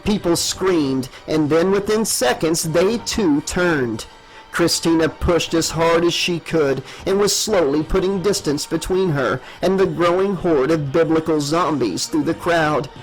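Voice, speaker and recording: A man narrates a horror story in a measured, dramatic way, his voice sitting a bit high for a man. A faint music bed runs underneath the reading. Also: low-quality recording. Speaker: audiobook narrator.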